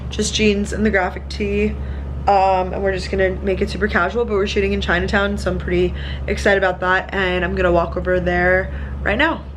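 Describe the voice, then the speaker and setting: A woman's voice: mid-range voice, level tone, a little fast, low-quality recording. Young woman vlogging on her phone, chatty and bubbly, lots of likes, faint room noise. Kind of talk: casual chat to camera. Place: apartment and hotel room, indoors.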